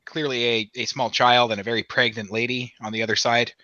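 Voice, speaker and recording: A man's voice: mid-range voice, little pitch movement, brisk, pushed and bright, dry recording, dull audio. A man co-hosting a casual movie review podcast, cracking playful jokes. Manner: joking, playful. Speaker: podcast co-host.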